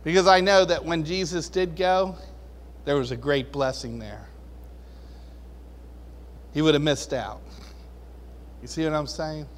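A man's voice: a little high, measured pace, pauses often. A man preaching a casual, conversational sermon, chuckling often and acting out the voices he quotes. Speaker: pastor. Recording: long reverb of a large hall.

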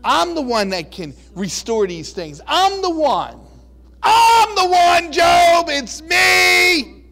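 A man's voice: sits high, very animated, measured pace, a bit bright, heavily acted. A man preaching while voicing an almighty God who declares and thunders with commanding authority.

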